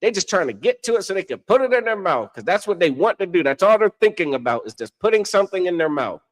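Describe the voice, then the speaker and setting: Speaking quickly and very animatedly in a high-pitched voice, a man co-hosts a casual religious discussion. He teaches preachily, keeps asking "you understand?", and laughs at the stories he tells.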